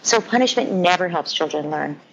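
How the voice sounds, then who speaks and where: A woman's voice: on the low side, animated, moderate pace, vocal fry, a little hiss or hum. Woman, parenting expert, earnest, walks through scenarios, dull lo-fi audio. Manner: earnest, explains through vivid scenarios and quoted voices. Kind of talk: conversational explanation.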